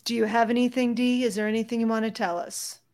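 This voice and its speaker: A woman playing a tabletop role-playing game, speaking both in and out of character in a brisk, teasing manner. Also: a little high, little pitch movement, darkish tone. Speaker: player voicing a character.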